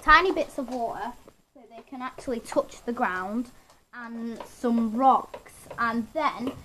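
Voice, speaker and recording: A woman vlogger at home casually showing and explaining her pet toad in a halting, rambling way with many restarts. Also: a little high, a bit bright, a little hiss or hum, rough recording. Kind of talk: casual show-and-tell.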